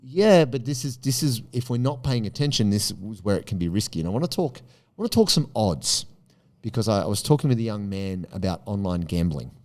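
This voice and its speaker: A man's voice: expressive, brisk, a little mellow. Emphatic man hosting a podcast. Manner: emphatic, swings pitch up high for punchy rhetorical questions. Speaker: podcast host. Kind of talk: animated podcast monologue.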